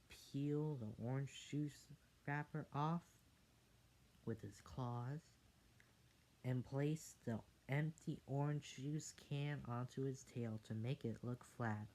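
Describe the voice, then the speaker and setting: A woman reading a children's picture book aloud in an almost-ASMR style, with soft, half-whispered asides. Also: deep voice. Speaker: book reader.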